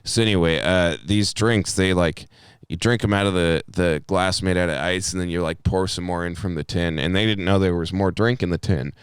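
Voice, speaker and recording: A man's voice: low-pitched, fairly even intonation, normal speed, smooth, no room sound, studio quality. A man in his twenties co-hosting a podcast, telling a long rambling story in casual chat and swearing a lot. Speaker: podcast co-host.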